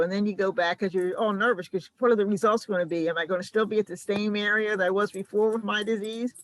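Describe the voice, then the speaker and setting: An older woman on a patient panel, telling a story in a lively way and acting out both sides of a conversation. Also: mid-range voice, no room sound, low-quality recording.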